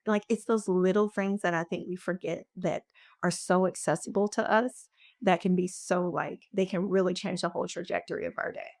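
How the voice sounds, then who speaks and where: A woman's voice: on the low side, steady tone, fairly quick, gravelly, darkish tone, no room sound, studio quality. A woman coach talking in a casual podcast conversation, earnest and reflective, often acting out her own thoughts in quotes. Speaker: guest coach.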